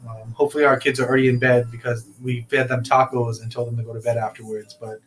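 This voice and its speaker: A man's voice: medium pitch, level tone, quick pace, a little hiss or hum. A young man hosting a casual talk show, loose and rambling, laughing often. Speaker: podcast host. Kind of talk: casual chat.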